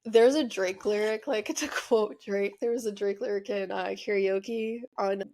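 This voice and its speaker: A woman's voice: mid-range voice, fairly even intonation, unhurried, a little mellow, slight background noise. Young woman host, candid confessional storytelling, chatty with lots of fillers, mid-range voice. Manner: chatty, filler-heavy, emotional, frequent "like". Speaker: podcast host. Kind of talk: personal storytelling monologue. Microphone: studio microphone.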